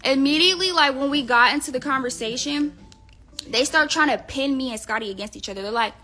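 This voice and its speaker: A woman's voice: high-pitched, a little fast, sharp tone, faint music behind. A woman telling gossip on a live stream in a casual, profane, rambling way, full of fillers. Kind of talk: casual storytelling rant.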